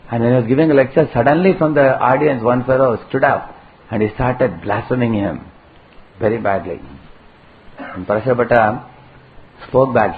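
A man giving a devotional talk, telling a story with many fillers and acted-out prayers. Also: medium pitch. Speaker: spiritual speaker. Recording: tinny phone-like recording with faint noise.

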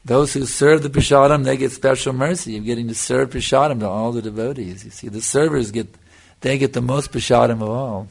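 An older spiritual teacher with a gravelly, fry-edged voice gives a devotional lecture at a brisk clip, his medium pitch and tone steady. He teaches earnestly, circling back to his points, checking in with listeners, answering questions, and saying "you see" again and again.

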